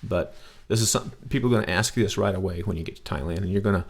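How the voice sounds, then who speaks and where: Brief: low-pitched male teacher, patient, repeats each word slowly for the learner. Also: husky. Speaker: language teacher. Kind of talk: casual spoken lesson.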